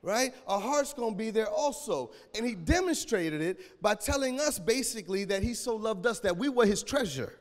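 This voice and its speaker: Male pastor, high voice, AAVE, shouting sermon with a cracking voice, echoing church hall. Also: lively intonation, normal speed, hardly any pauses. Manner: preaching with call-and-response and sudden shouts.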